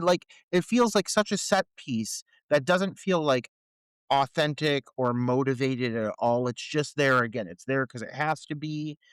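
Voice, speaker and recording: A man's voice: mid-range voice, a bit bright, no room sound. A man co-hosting a podcast, chatting casually and profanely about a film with wry humor. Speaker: podcast co-host. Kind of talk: casual film review chat.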